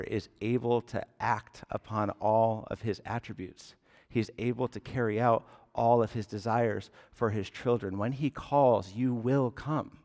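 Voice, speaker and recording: A man in his thirties preaching a sermon as pastor, earnest and deliberate, with emphatic rises on key words. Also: lowish voice, darkish tone. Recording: long hall reverb.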